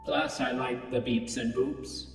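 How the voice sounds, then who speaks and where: A man voicing a sulky male spaceship AI that denies having feelings, deadpan and reading its punctuation aloud, in a scripted comedy audio piece. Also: medium pitch, measured pace, vocal fry, music in the background. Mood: dismissive. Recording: echoey hall, distant from mic.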